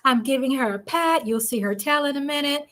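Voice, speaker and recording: Bubbly high-voiced woman host. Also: a little fast, a bit bright. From Texas. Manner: bubbly, chatty, laughs often. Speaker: livestream host. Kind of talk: casual livestream chat. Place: home.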